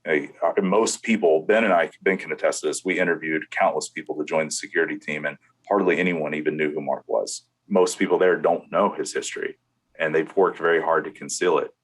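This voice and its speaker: A man who was on a church security team recounts his experiences in an interview, storytelling with halting restarts. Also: extremely low pitch, steady tone.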